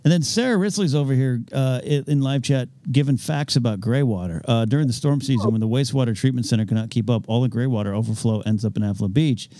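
Dry, mellow-voiced man, joking co-host. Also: mid-range voice, no room sound. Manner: quick quips, reads viewer chat aloud. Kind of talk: casual chat.

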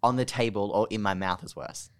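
Deep-voiced Australian woman telling a story. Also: brisk. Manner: animated storyteller, laughs often. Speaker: podcast guest. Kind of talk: casual chat, storytelling.

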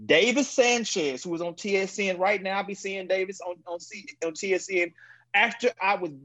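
A man around forty, a former pro quarterback, telling a long story as a podcast guest and acting out other people's words. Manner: animated, acts out quoted people with sudden high, loud bursts. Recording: dull lo-fi audio.

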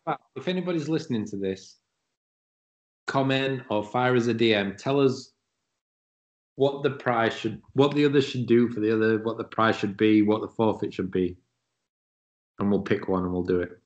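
A man with a low voice chats as a podcast co-host. He talks in an easy, self-mocking way. The recording is dull and lo-fi. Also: moderate pace, pauses often. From Yorkshire, England. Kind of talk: casual sports chat.

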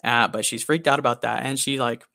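A man's voice: mid-range voice, fairly even intonation, fairly quick, creaky, bright, forceful tone, dry recording, studio quality. A young man co-hosting a podcast, telling a story in a blunt, profane, rambling way. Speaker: podcast co-host. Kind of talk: casual storytelling chat.

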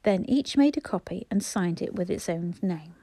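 A woman's voice: on the low side, lively intonation, moderate pace, warm tone, no room sound. Woman reading a children's storybook. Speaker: audiobook narrator.

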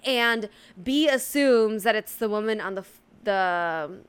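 Excitable woman gushing in book chat. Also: mid-range voice, unhurried, smooth. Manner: gushing, excitable, recaps the plot with bursts of gasps. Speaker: podcast co-host. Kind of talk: casual book-club chat.

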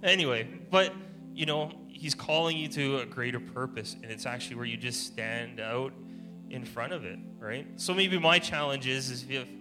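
A man's voice: medium pitch, moderate pace. A man giving an informal testimony-style sermon at church, telling stories in a chatty way and laughing often. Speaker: church speaker. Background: soft guitar music.

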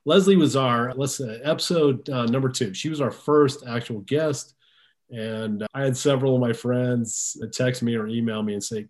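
A man hosts a podcast in casual chat, talking conversationally and often repeating words as he thinks aloud. His voice is medium-pitched and moderately paced.

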